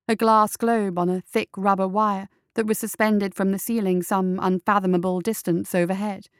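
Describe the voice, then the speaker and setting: A woman narrating a fantasy story in a measured, deliberate reading. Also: mid-range voice, smooth, no room sound, clean studio sound. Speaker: story reader.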